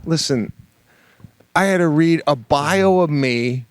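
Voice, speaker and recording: A middle-aged man co-hosting a podcast, telling a story in casual comic chat, animated and mock-exasperated, with swearing. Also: fairly high pitch, slow, smooth, no echo, studio quality. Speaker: podcast co-host.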